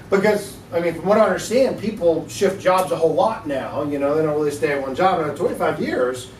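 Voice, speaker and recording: Guy teaching a class, high voice, laughs a lot while telling a story, echoey room, kinda far from the mic. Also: lively intonation, fast, hardly any pauses, a loud crowd. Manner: chatty, laughing storyteller, acts out dialogue. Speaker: apologetics teacher. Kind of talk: casual classroom talk with anecdotes.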